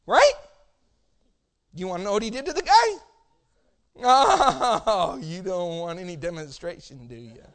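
A middle-aged man preaching a sermon as pastor, swinging between loud shouting and hushed storytelling, and acting out the voices he quotes. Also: sits high, very animated, normal speed.

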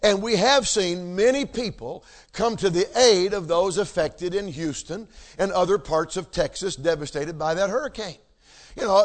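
A man preaching a sermon, emphatic, repeating key words and checking in with the congregation. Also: high-pitched. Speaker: pastor.

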